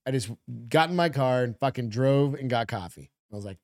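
Middle-aged male co-host, swears freely, lively storyteller, dry close sound. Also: mid-range voice, brisk, dry recording. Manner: profane, animated storytelling. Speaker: podcast co-host. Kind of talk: casual chat.

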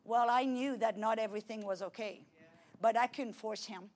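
A middle-aged woman with a French accent delivers a sermon testimony, her voice sitting a little high. She tells the story with vivid energy, rising loud and dropping to near hush. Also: normal speed. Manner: animated storytelling with dramatic swings in loudness. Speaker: preacher.

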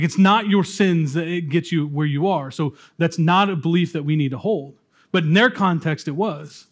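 A man pastor preaching a sermon in a conversational way, slowing down for dramatic pauses. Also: a little high.

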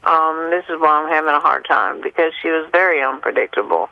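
A woman calling in to a radio show, speaking haltingly with many pauses and fillers. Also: low voice, creaky. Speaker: caller. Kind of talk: call-in radio confession. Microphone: telephone. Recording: muffled phone line.

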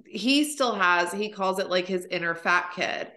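A woman's voice: on the low side, measured pace, bright, forceful tone. A woman in her thirties hosting a podcast, chatting casually with plenty of fillers and swearing. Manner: chatty, profane, lots of fillers. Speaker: podcast host. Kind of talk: casual chat.

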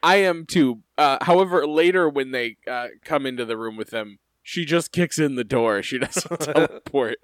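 A man's voice: medium pitch, moderate pace, few pauses, no room sound, clean studio sound. A man co-hosting a podcast in casual chat, sarcastic and exasperated, swearing as he jokes. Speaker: podcast co-host.

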